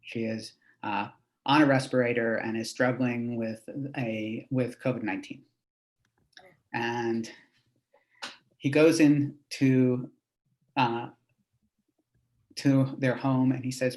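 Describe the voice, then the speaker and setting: A man's voice: medium pitch, takes it slowly, pauses often, darkish tone. Male rabbi telling a story. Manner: conversational, with fillers and asides. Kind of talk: storytelling lesson.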